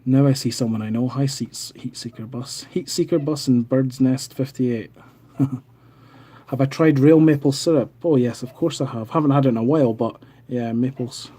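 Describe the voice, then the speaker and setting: A man's voice: medium pitch, moderate pace, warm tone, slightly rough. Chatty Scottish man on a livestream. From Scotland. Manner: rambling, chatty, reads viewer comments aloud. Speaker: livestream host. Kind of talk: casual live-stream chat. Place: home in Canada.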